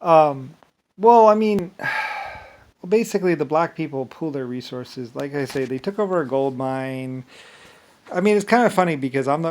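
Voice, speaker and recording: Give me a man rambling through a monologue in a middle-pitched voice, restarting sentences again and again. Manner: meandering, repeats filler phrases, many restarts.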